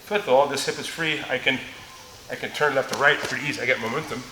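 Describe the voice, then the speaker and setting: A man's voice: medium pitch, fast talker, background noise. A middle-aged man teaching a martial arts seminar, telling stories between moves, often laughing. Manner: joking storyteller, laughs often, demonstrates moves. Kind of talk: live teaching seminar with anecdotes. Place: large echoey training gym. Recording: echoey gym with faint ambience.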